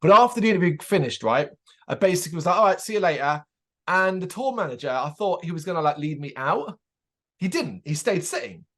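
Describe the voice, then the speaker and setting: Fast-talking man telling a lively story. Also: high-pitched. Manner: animated storyteller, acts out quoted people, swears freely. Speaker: podcast co-host. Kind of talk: casual chat, anecdote.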